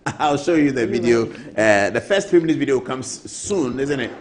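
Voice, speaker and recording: A man's voice: medium pitch, animated, moderate pace. A man with a Ghanaian English accent hosting an evening TV show in a studio, chatting casually, mimicking other people and laughing often. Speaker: TV show host.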